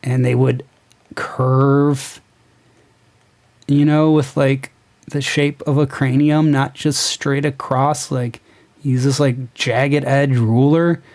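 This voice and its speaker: A young man in a loose, ranting review, his voice sitting at an ordinary middle pitch. He sounds incredulous and sarcastic, scoffing at what he reads and swearing freely. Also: steady tone, slow, a little mellow. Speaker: comic book reviewer. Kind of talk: casual ranting review commentary.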